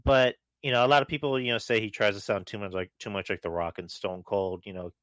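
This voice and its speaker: Male podcast guest, low voice, casual hedging talk, dead-dry recording. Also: fairly even intonation, quick pace, a bit bright, no room sound. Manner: offhand, hedging, swears casually. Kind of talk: casual wrestling podcast chat.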